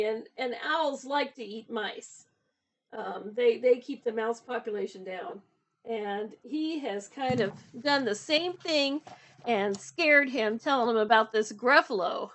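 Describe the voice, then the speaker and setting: A woman reading a picture book to children, with gentle, chatty asides to her young listeners. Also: on the high side, slow. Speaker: storyteller for children.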